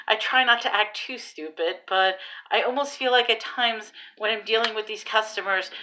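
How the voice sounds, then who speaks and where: A woman with a bright, sharp tone recounts a customer encounter from her retail job. She talks casually and laughs at herself as she goes. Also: medium pitch. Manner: chatty, amused, self-deprecating. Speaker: retail worker. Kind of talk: casual storytelling to camera.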